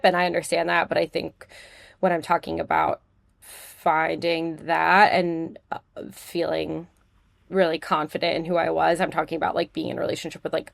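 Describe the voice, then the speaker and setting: A woman's voice: on the low side, creaky, no echo. A young adult woman from the United States, a podcast guest chatting casually, joking often and leaning on filler words. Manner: giggly, jokey, heavy on filler words. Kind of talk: casual interview chat.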